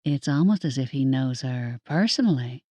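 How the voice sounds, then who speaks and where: A woman voicing a calm, wry witch with a dry, teasing delivery. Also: rumbling low, moderate pace, breathy edge, dry recording, pitched below the performer's own voice, exaggerated voice.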